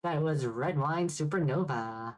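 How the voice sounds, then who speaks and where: A woman's voice: low-pitched, unhurried, darkish tone. A woman hosting a karaoke livestream, chatting casually and giggling between songs. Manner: chatty, giggly, thinking aloud.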